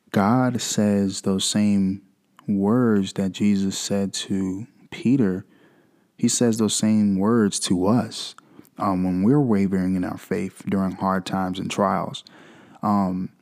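Mellow low-voiced man preaching casually. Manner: conversational, with frequent fillers and "right?" asides. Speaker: podcast host. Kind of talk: casual devotional podcast talk.

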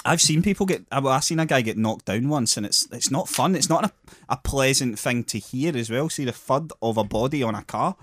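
Male co-host, teasing and sweary, very lively pitch, dry close mic. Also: a little fast, no room sound. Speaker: podcast co-host. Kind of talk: casual drunk banter.

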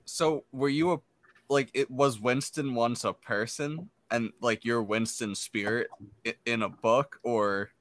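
A man's voice: medium pitch, steady tone, measured pace, a bit bright, no room sound. A man at a tabletop game with an ordinary mid-range voice. He asks earnest, playful questions in character, and the recording is close and dry. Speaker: player. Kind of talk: tabletop role-play chat.

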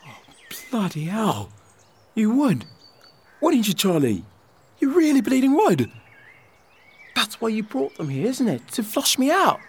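A man's voice: high voice, huge pitch swings, measured pace, pauses often, husky, exaggerated voice. A man playing a sarcastic, streetwise young city kid hiding out in the countryside. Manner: sarcastic, wry.

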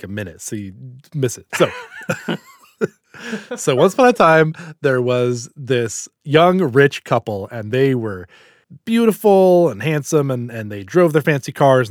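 Brief: podcast host telling a joke, mid-pitched man, dry close mic. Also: dry recording. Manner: storytelling, animated delivery.

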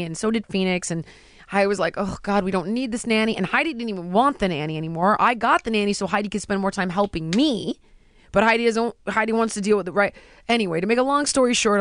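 A woman in casual chat, telling stories in an animated way and acting out what people said. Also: mid-range voice, no echo, studio quality. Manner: animated storytelling, acting out quotes.

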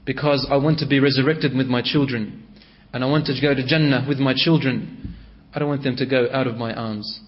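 A hushed, sorrowful mother, steadfast yet grieving, her voice dropped low and soft, as a preacher puts her on. The recording sounds dull and lo-fi. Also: steady tone, fairly quick, lightly acted.

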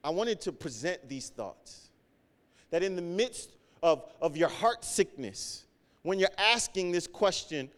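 A man preaching a sermon, earnest, repeating key phrases for emphasis and swinging between loud and soft. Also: high-pitched, lively intonation, a little slow, in a large hall. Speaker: pastor.

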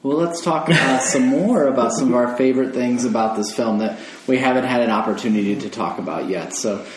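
A man's voice: mid-range voice, a little fast. A man hosting a casual film podcast, talking enthusiastically and rambling a little. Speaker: podcast host. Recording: roomy echo.

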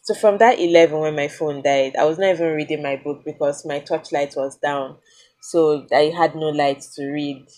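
A woman's voice: sits low, steady tone, normal speed, a little mellow. A young woman with a Nigerian accent telling a personal story in a casual vlog, candid and confiding, with plenty of fillers and restarts. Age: young adult. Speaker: vlogger.

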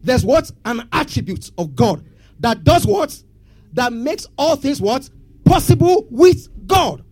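A man's voice: very high voice, sing-song, unhurried, slightly rough. A man preaching a sermon, asking the congregation questions and having them answer back. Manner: call-and-response questions to congregation. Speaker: pastor.

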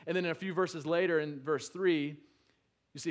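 Male pastor, slightly high voice, preaching conversationally, swells to emphatic peaks, then drops low. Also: steady tone, moderate pace. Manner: conversational with restarts and asides. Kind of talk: sermon.

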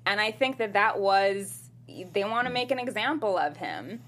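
A woman hosting a casual panel talk, leading topics with animated delivery. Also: medium pitch, moderate pace. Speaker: host.

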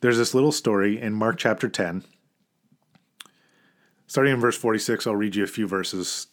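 A man's voice: on the low side, moderate pace. A man preaching an informal, conversational sermon as a pastor, earnest and emphatic at key points.

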